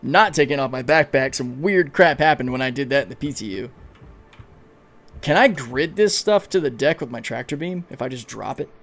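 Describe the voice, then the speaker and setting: A man livestreaming a video game, giving excitable, casual commentary, swearing freely and talking to his chat. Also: medium pitch, moderate pace, gravelly. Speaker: gaming livestreamer.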